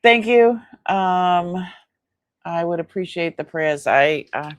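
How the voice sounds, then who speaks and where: A woman's voice: on the low side, lively intonation, takes it slowly, clear, resonant tone, dry recording. A tired woman hosting a casual live-stream unboxing, chatting and rambling about her items and laughing often. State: tired, yawning. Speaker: host selling antiques in a live sale.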